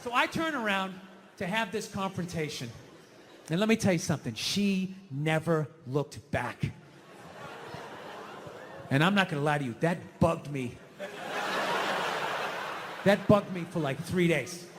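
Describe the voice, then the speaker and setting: A middle-aged man doing a stand-up comedy set on stage, ranting loudly and swinging from low mutters to yells. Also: expressive, measured pace, long pauses. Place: comedy stage in a large venue. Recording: reverberant hall, faint noise.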